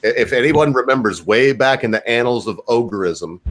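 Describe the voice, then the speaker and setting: An American man hosts a live stream, chatting casually with a guest in rambling, profane, jokey banter. His mid-range voice is expressive and a bit bright, at a moderate pace.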